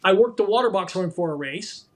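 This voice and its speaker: A man in his sixties, a guest in a conversation, telling animated anecdotes and acting out the quotes. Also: high-pitched. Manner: animated, quick storyteller who acts out quotes.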